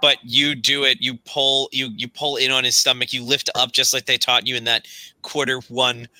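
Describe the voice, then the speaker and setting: A man narrating as game master of a tabletop horror game, unhurried and peppered with "uh". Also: mid-range voice, level tone, bright, forceful tone, no room sound.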